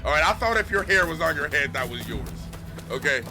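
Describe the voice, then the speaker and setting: A young man tells rambling, profane stories on a stream, laughing as he goes. His voice sits high and swings widely in pitch. Music plays clearly underneath. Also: animated, a little fast, sharp tone. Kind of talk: casual storytelling.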